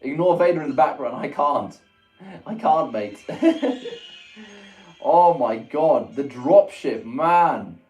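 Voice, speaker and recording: Excitable guy on a livestream reacting to chat pics, kinda high voice, laughs a lot. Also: takes it slowly, long pauses, muffled recording. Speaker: livestream host. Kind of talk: casual livestream chat, reading viewer messages. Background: faint music.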